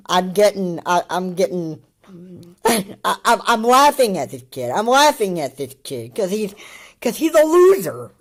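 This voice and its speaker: A man's voice: fairly high pitch, a bit bright. A man giving casual, mocking commentary on a video, rambling with many fillers and restarts and laughing often.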